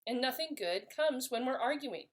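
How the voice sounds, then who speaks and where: Woman, middle-aged, parenting lesson, empathetic, acts out example lines, expressive pitch. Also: normal speed. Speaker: parenting educator. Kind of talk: instructional talk to parents.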